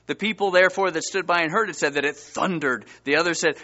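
A man's voice: fairly high pitch, fairly quick, bright, forceful tone, highs cut off. A man preaching a sermon, reading Bible verses and pressing his listeners with rising emphasis. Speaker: pastor.

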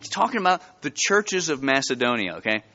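A man preaching a sermon to his church, telling stories with lively, rising emphasis. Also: medium pitch, fairly quick, long reverb tail, lo-fi sound. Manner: animated storytelling with rising emphasis. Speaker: pastor. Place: church sanctuary.

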